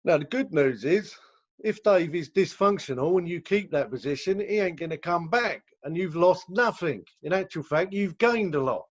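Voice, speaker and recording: This high-pitched, expressive Englishman runs a rehab center and speaks at a moderate pace as he explains recovery in relaxed conversation, mimicking the people in his stories. It's captured through dull, low-fidelity video call audio.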